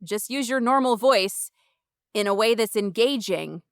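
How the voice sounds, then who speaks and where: A woman's voice: on the high side, expressive, unhurried, clean tone, dry recording, studio quality. A young woman co-hosting a casual podcast, chatty and self-mocking, laughing often at her own stories. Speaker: podcast co-host.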